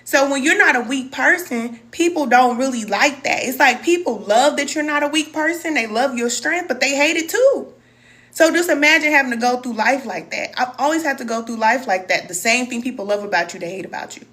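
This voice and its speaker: A woman's voice: sits high, lively intonation, fairly quick, fairly bright tone. A middle-aged woman, a spiritual wellness teacher, talking casually and emotionally to viewers on a live stream, reading their comments and calling them cousin.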